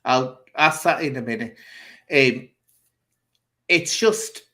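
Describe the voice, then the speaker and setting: A man's voice: medium pitch, slow, bright, forceful tone. A man hosting a casual chat show, telling an anecdote in a theatrical, chatty way and laughing as he goes. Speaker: host.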